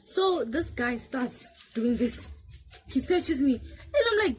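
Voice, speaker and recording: A South African woman vlogger casually telling a story to camera, animated and switching between English and local languages. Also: sits high, slow pace, slight background noise.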